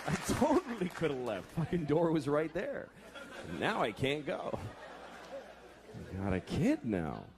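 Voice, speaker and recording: A man's voice: wildly swooping pitch, unhurried. A man in his thirties doing a profane stand-up comedy set, slipping into acted voices. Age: 30s. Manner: profane, shifts into acted voices, deep groaning mimicry. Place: comedy club stage. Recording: live club with crowd laughter and noise.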